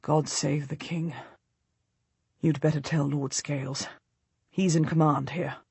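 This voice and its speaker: A woman voicing an anxious, devoted noble husband in an audiobook, speaking low and urgently. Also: steady tone, takes it slowly, creaky, dark tone, slightly rough, dry recording, heavily acted. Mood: grave. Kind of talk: audiobook character voice.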